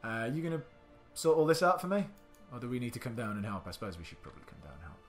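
A man's voice: mid-range voice, very animated, racing, soft background music. A man giving indecisive let's-play commentary, muttering to himself and swearing now and then. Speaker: gaming channel host.

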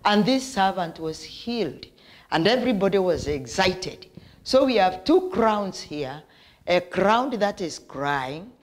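A woman preacher delivering a sermon with slow, emphatic declarations and prayers. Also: medium pitch, very animated.

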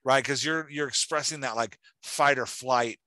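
A man's voice: medium pitch, normal speed, sharp tone, no echo. A man hosting a podcast and giving writing feedback in an enthusiastic, chatty way, with lots of "like". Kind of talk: casual chat.

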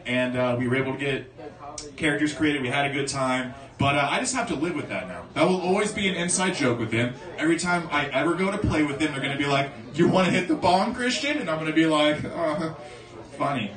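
A young man doing a stand-up comedy set, rambling loosely through his stories with lots of fillers. His voice sits a little high for a man and comes from a distance. The room echoes, and a crowd laughs and cheers behind him. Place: comedy club stage at an open mic. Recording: echoey club recording from far off, audience noise. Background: audience laughing and cheering.

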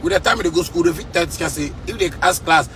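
A man's voice: a little high, fast, vocal fry, a bit bright, slight background noise. Fiery Ghanaian man ranting in a car. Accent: Ghanaian Pidgin English. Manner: fiery, repetitive, preachy street talk. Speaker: musician vlogger. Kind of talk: casual rant to camera. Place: inside a car.

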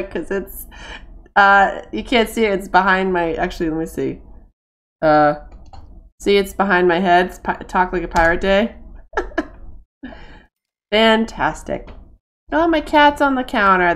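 Unhurried chatty woman streaming a game, gets squealy and excited, from massachusetts. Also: medium pitch, vocal fry. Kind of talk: casual game-stream chat.

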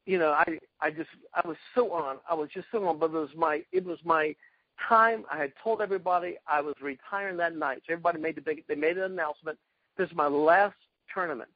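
A man from South Carolina with a high, husky voice tells stories from his years as a karate fighter, acting out the people he quotes. The sound is dry and dull, close and lo-fi. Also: no echo. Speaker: guest, retired karate champion. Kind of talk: storytelling in a casual interview.

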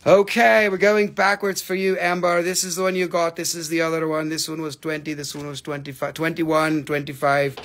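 A man runs a live sales stream for rocks and crystals, full of jokes, swearing and banter with viewers. His voice sits high for a man and has a gravelly, fried edge. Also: flat delivery, fairly bright tone. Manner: playful, joking, swearing, rapid banter.

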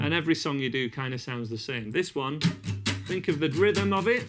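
In a mid-range voice and speaking fast, a guitar teacher runs a casual, encouraging lesson, counting beats out loud and breaking into snatches of song as he plays. His guitar comes through loudly over his speech.

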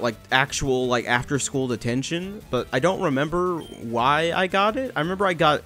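A young man commentating his video game playthrough, rambling and cursing, shouting at the game now and then. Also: on the high side, animated, brisk, few pauses, faint music behind. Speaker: gaming channel host. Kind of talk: let's play commentary.

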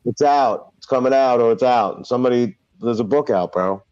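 A man in casual podcast chat who talks all slang and swearing, recorded dry with a dull, lo-fi sound. His voice sits in a middle pitch. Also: moderate pace, darkish tone, clear, resonant tone, no echo. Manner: slangy and profane, tells stories. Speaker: podcast co-host.

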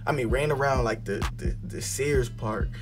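A young man vlogger telling a story in a casual way, animated and acting out the voices he quotes. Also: medium pitch, normal speed. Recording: music playing behind the voice.

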